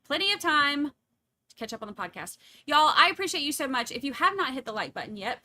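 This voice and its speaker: A woman's voice: high voice, very animated, fast, pushed and bright, dry recording. A woman hosting a livestream, chatting casually and rambling as she signs off to her viewers. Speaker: livestream trial commentator. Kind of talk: casual livestream sign-off chat.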